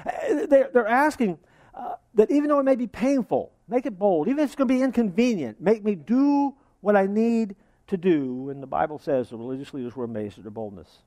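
A man preaching a sermon as pastor, lively, acting out what his listeners might say. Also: sits high, a little fast, dry recording. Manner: lively preaching, acts out imagined congregants.

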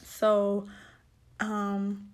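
A woman's voice: medium pitch, completely flat delivery, drawn-out words, darkish tone. A young woman telling her own story as a single mother and autism advocate, with emotional reenactments of her own thoughts. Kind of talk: personal testimonial.

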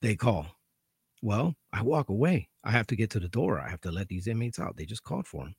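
A man with a low, gravelly voice tells a story from his days as a corrections officer. He talks casually, swears freely and sounds dryly amused. His pitch swings widely, and the recording is close and dry. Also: animated, brisk, darkish tone, dry recording. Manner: profane, laid-back, dryly amused. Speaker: corrections officer telling prison stories.

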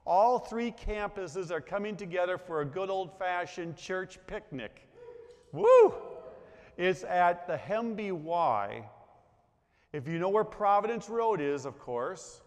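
Pastor, male, slow and deliberate sermon delivery, fairly high voice, long church-hall reverb. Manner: conversational, asks the congregation to repeat lines. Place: church sanctuary.

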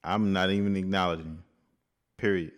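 A man's voice: low voice, steady tone, brisk. A man co-hosting a podcast in casual chat, laid back and reflective. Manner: laid-back, talks it through with fillers. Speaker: podcast co-host.

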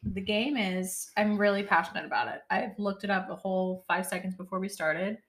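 A young woman co-hosting a podcast, chatting casually in a giggly, animated way. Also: mid-range voice, a little fast. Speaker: podcast co-host. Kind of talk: casual chat.

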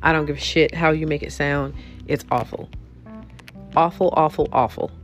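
A woman's voice: low-pitched, steady tone, moderate pace, soft background music. A woman hosting a podcast, telling a profane comic rant about bad jobs, laughing often as she talks. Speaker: podcast host. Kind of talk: comedic storytelling rant.

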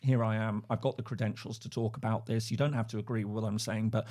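A man with an English accent, an academic guest on a podcast, speaking in a relaxed, halting way with many restarts and frequent laughs. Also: lowish voice. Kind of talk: casual interview talk. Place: at home, remote.

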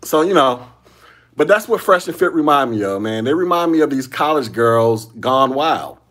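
Man, podcast host, casual solo commentary, slangy, repeats himself, chuckles, mid-pitched voice. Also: animated, normal speed, fairly bright tone.

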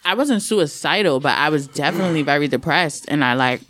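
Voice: mid-range voice, lively intonation, brisk, fairly bright tone, a little hiss or hum. A speaker in a casual podcast chat who talks candidly and at length about personal experiences, in a chatty, reflective way.

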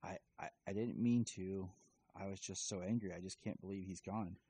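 Brief: troubled young boy hero, read plainly by a man, deep, dark tone. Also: fairly even intonation, normal speed, breathy edge. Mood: upset. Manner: casual paraphrased retelling.

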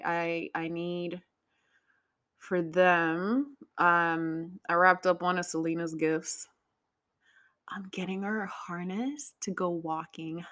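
A woman's voice: mid-range voice, pushed and bright. A woman hosting a podcast, chatting casually in a rambling way, swearing freely and laughing often. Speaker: podcast host. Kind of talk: casual chat.

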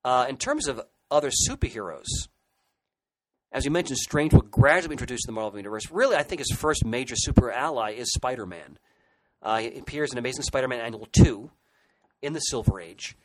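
A man's voice: mid-range voice, animated, brisk, rough recording. A man co-hosting a podcast, chatting enthusiastically about comic book history with frequent restarts. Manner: enthusiastic, hesitant restarts and fillers. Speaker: podcast co-host. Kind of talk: casual podcast discussion.

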